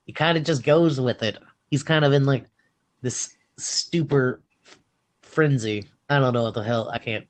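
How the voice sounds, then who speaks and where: A man in an everyday middle-pitched voice, recapping a movie for a podcast co-host. He tells it in an animated, profane way and keeps jumping into acted-out lines from the film. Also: moderate pace. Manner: animated storytelling, swearing, acting out lines. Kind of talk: casual chat.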